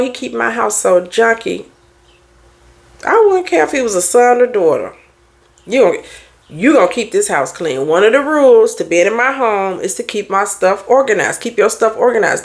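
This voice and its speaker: Woman, middle-aged, lively swooping pitch, blunt life-coach pep talk. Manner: blunt, animated, preachy advice with mimicked quotes. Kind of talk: casual motivational talk.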